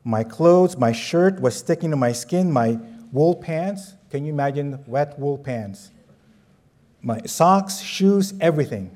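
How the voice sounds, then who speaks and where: Preacher guy telling a story, mellow and a bit high, asks the crowd stuff. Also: measured pace. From Philippines. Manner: animated, conversational, asks the audience questions. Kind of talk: sermon with personal storytelling.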